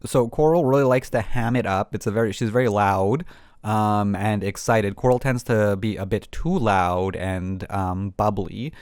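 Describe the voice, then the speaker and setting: A man's voice: on the low side, normal speed, a little mellow, no echo, studio quality. A man hosting a casual coding tutorial, rambling with many ums and restarts. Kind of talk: casual screen-recorded tutorial.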